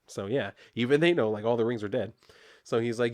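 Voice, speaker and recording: A young man talks through a comic issue in a loose, chatty review. He reads the dialogue aloud, rambles, and stops to restart his thoughts. His voice sits at an ordinary middle pitch for a man. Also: a little fast, darkish tone.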